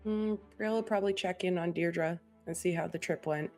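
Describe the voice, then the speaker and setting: A woman's voice: fairly low pitch, fairly quick, darkish tone, soft background music. A woman playing a tabletop game, playful and joking. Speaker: player. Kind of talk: casual tabletop play.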